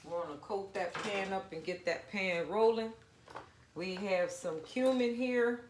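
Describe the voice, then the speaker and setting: A woman's voice: mid-range voice, a little slow, roomy sound, slight background noise. A woman casually talking viewers through a home cooking recipe, chatty and down-to-earth. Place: home kitchen.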